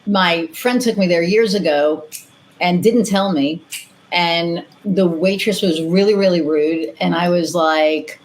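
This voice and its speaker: Woman from New York, podcast host, lowish voice, excitable storyteller. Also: measured pace, slight background noise, poor audio. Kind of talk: casual podcast conversation.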